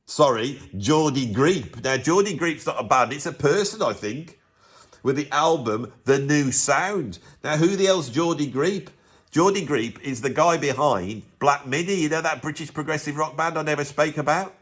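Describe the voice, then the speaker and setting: A man, a drummer, talking through an album list in a blunt, animated, casual review with lots of restarts. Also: fairly high pitch, moderate pace, husky.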